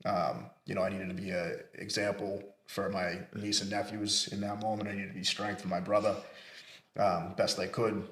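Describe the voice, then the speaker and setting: A middle-aged man tells his own story with candor and emphasis, acting out the lines he spoke back then. His voice sits low. The room around him rings with an echo. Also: little pitch movement, moderate pace, fairly bright tone. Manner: candid, emphatic, with acted-out quotes. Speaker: podcast co-host. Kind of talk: casual personal storytelling. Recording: echoey room.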